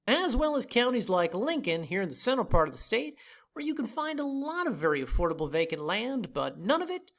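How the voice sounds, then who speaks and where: A woman hosting a land sales video, reading a scripted promotional voice-over in a playful, jokey, emphatic way. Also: mid-range voice. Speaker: land sales company host.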